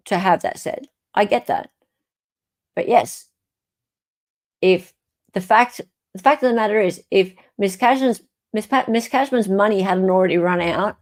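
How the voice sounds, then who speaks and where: A woman's voice: on the low side, a little mellow. An Australian woman hosting a casual livestream, chatting, reading court documents aloud and reacting to viewer comments. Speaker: host.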